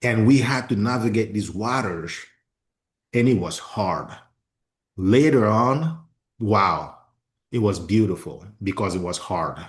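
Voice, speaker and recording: A man with a fairly low voice hosts a casual podcast interview in English, which is not his first language. He talks with passion and expression, circling back and restarting sentences as his thoughts build. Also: lively intonation, slow pace. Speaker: podcast host.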